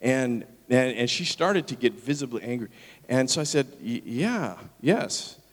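A pastor telling a story in a sermon and acting out the people in it. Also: male voice, mid-range voice, moderate pace. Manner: animated, acts out the people in his story. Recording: long reverb of a large hall.

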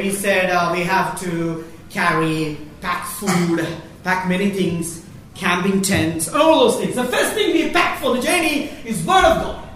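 A woman giving a Catholic faith workshop talk, animated and laughing often as she speaks. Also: on the high side. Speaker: workshop presenter. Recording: echoey hall, voice from far off, faint noise.

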